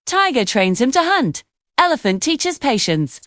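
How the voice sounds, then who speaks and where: A woman narrating a children's cartoon story, her higher voice rising and falling with a lively, expressive storytelling lilt. The sound is dry and close to the mic. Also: unhurried, dry recording.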